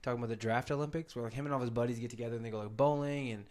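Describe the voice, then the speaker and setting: A man's voice: medium pitch, fairly even intonation, rapid-fire, darkish tone. A young man from Wisconsin co-hosting a podcast, telling loose, rambling stories in casual chat. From Wisconsin, USA. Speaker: podcast co-host.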